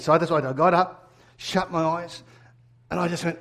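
A pastor telling a personal story in a sermon, animated and acting out his own replies. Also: sits high, quick pace.

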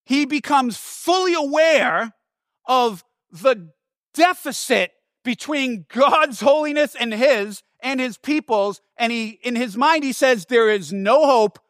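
Male preacher, high voice, dry close sound; animated and emphatic, casual asides. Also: slow, no echo. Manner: animated, emphatic, repeats words for stress. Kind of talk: sermon.

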